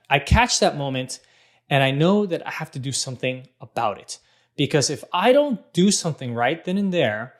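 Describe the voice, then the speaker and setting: Man, 30s, fairly high voice, earnest storyteller hosting a casual parenting vlog.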